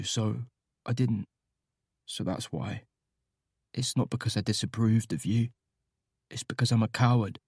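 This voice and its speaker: A man voicing a shy, remorseful teenage boy who confesses in a hushed, halting whisper. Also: fairly low pitch, dry recording, clean studio sound, pitched below the performer's own voice.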